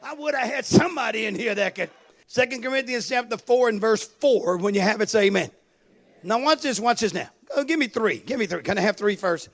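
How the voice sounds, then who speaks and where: A male pastor preaching a sermon with call-and-response, building into shouted, half-sung cadences. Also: high voice, animated, fairly quick.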